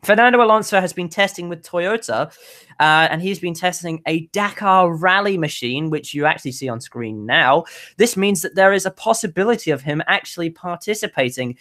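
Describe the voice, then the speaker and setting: A woman's voice: on the low side, animated, a little fast, fairly bright tone. Chatty woman podcast host, bubbly, trips over her words a lot, reading the news. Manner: bubbly, rambling with many restarts. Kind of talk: casual news chat.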